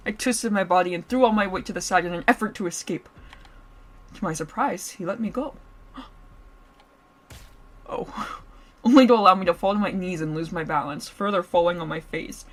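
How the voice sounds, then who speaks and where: A woman streamer with a lowish voice reads a story aloud at normal speed, reacting live as she goes. She's playful and giggly, often laughing and breaking off to joke with her chat.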